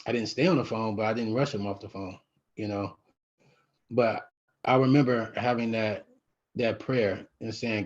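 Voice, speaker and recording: A middle-aged man talks into his own camera in a lo-fi vlog, his low voice husky and a little rough. He speaks haltingly, stops and restarts his sentences, and leans on fillers as he works through a painful memory. The sound is dull and muffled. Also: fairly even intonation. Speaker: vlogger. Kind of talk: personal vlog, emotional recollection.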